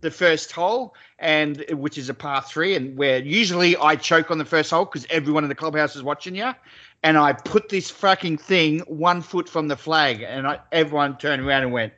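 A man with an Australian accent, telling stories in a relaxed chat, swearing freely. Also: on the high side, moderate pace. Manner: storytelling, laughs often, swears freely. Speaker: podcast co-host. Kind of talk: casual chat. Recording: dull lo-fi sound.

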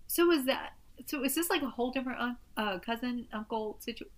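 A woman's voice: a little high, animated, fairly quick. A woman talking casually about a movie, rambling and restarting sentences with lots of "like". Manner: rambling, self-interrupting, lots of "like". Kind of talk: casual chat reviewing a movie.

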